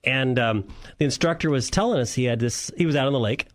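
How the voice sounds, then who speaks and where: A man's voice: mid-range voice, quick pace. A man co-hosting a car radio show as the mechanic, telling long rambling stories in a casual chat and chuckling often.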